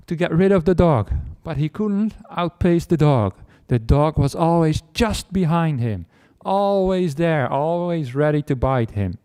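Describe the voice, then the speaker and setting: A man's voice: fairly high pitch, animated, measured pace, warm tone, clean tone. A man, a Buddhist monk, giving a humorous dharma talk, telling a made-up story in a playful, self-mocking way. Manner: playful, self-mocking, acts out barking and chases.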